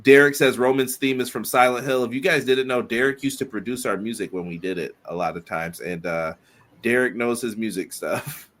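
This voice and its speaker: A man co-hosting a casual wrestling podcast, talking in a loose, chatty way. His voice is bright and forward. He keeps stopping to read out comments from listeners. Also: medium pitch, fairly quick. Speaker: podcast co-host.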